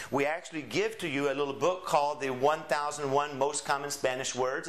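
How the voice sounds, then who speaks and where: In a promotional course lesson, a male Spanish teacher explains his Spanish course with a mid-range, fairly bright voice. He keeps it chatty and explanatory, tossing in Spanish phrases to illustrate.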